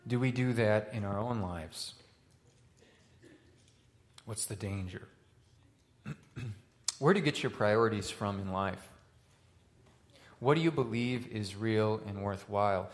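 Man preaching with dramatic rises and hushes. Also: lowish voice, slow pace, pauses often. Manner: dramatic swings from loud questions to hushed lines. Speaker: pastor. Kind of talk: sermon.

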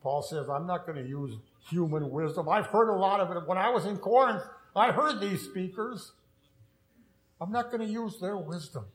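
A man's voice: high-pitched, moderate pace, reverberant, low-quality recording. A man who is a pastor, preaching an earnest sermon with storytelling and self-deprecating humor.

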